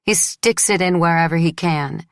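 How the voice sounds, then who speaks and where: A woman reader voicing a desperate, resentful young bride who pleads and breaks into shrill outbursts. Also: normal speed, dry recording, studio quality, lightly acted. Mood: tearful bitter.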